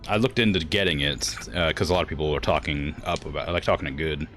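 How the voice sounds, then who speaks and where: A man's voice: very deep voice, quick pace, a bit bright, faint music behind. A young man streaming a video game, chatting casually, thinking aloud and chuckling as he plays. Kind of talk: casual gameplay chat.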